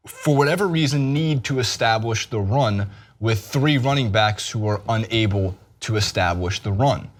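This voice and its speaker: A man hosting a sports talk show, breaking down a football game in casual, jokey banter. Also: fairly low pitch. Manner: animated, jokey, breaks into laughter.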